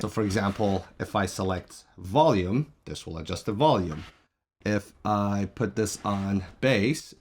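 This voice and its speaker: A man reviewing a product, casually walking through its features one by one in a plain explanatory way. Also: lowish voice. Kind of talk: casual product demo walkthrough. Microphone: shotgun mic on a stand.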